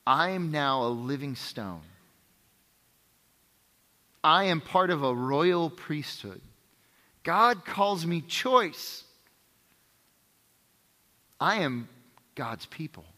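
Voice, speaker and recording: A man's voice: a little high, lively intonation, takes it slowly, long pauses, pushed and bright. A man preaching a sermon in a conversational way, often checking in with "right?" and driving points home through repetition. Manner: emphatic repetition. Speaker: pastor. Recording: reverberant hall.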